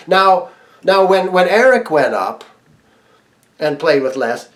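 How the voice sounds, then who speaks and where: A man's voice: on the high side, expressive, a little slow. A man casually telling a personal story, laughing often and restarting his sentences. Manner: chatty, laughs often, frequent restarts and fillers. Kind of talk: casual anecdote.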